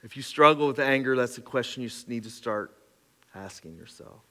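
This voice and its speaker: A man preaching a sermon as pastor, animated and storytelling, moving between loud exclaiming and quiet reflection. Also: mid-range voice, a little fast. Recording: reverberant hall.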